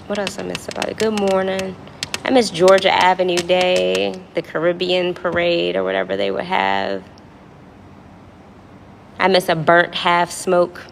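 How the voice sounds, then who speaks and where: Gravelly-voiced woman from D.C., chatting. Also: lowish voice, unhurried, noisy background. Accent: Washington, D.C. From Washington, D.C. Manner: rambling, reminiscing, joking asides to viewers. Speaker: livestream host. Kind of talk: casual chat with viewers. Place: apartment lobby.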